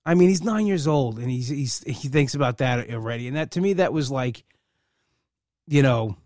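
A man's voice: mid-range voice, animated, moderate pace, a little mellow, no echo, studio quality. A man in a casual personal monologue, rambling with many fillers and restarts, heartfelt and proud. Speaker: uncle and godfather.

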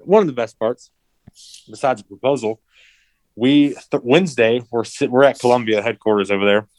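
Animated man telling a story, dry sound. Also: medium pitch, moderate pace, no echo, low-quality recording. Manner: animated, acts out quotes, swears freely. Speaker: interview guest, racing driver. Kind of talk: casual storytelling.

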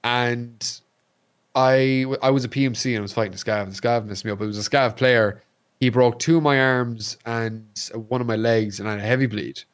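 An Irish man, a streamer guest on a podcast, chatting casually and telling animated stories, swearing freely. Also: medium pitch, fairly quick, clear, resonant tone. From Ireland. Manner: animated storyteller, swears freely, acts out quotes.

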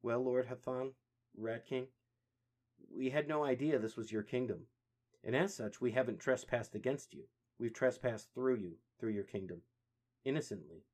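A man voicing a dutiful young mutant turtle leader, speaking formally and earnestly in a husky voice. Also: medium pitch, moderate pace, darkish tone, close to an everyday voice.

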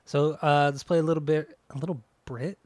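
A man's voice: fairly high pitch, steady tone, brisk, a little mellow, no room sound. A man co-hosting a podcast in casual chat, rambling and swearing easily as he talks about music. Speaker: podcast co-host.

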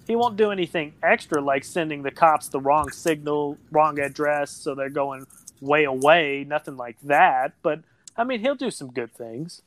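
A podcast guest co-host in casual chat, telling relaxed stories and acting out quoted lines along the way. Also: mid-range voice, moderate pace, no room sound.

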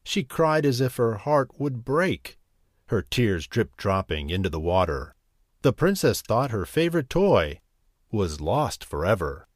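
Slow, gentle male bedtime storyteller. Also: on the low side, big pitch swings, dry recording, clean studio sound. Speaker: storyteller host.

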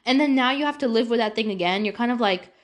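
Animated young woman telling a story. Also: fairly high pitch, fast. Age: young adult. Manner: animated, acts out her own past dialogue. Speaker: vlogger. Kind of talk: casual storytime monologue.

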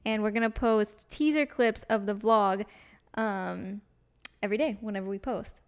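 A woman's voice: mid-range voice, moderate pace, clear, resonant tone. A young woman co-hosting a podcast in casual chat, talking freely and often saying "like" as she goes. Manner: chatty, laughing, many fillers like "like". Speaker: podcast co-host.

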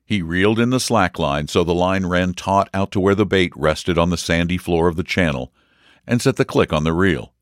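A man reading a story aloud in a measured, expressive narration. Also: low-pitched, dry recording, clean studio sound. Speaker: audiobook reader. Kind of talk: scripted narration.

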